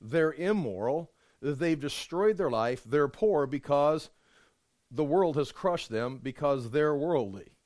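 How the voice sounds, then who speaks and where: A man's voice: a little high, animated, slow pace, a little mellow, no echo, clean studio sound. A man teaching a Bible study in a conversational, emphatic way, often restarting his sentences. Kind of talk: informal Bible study sermon.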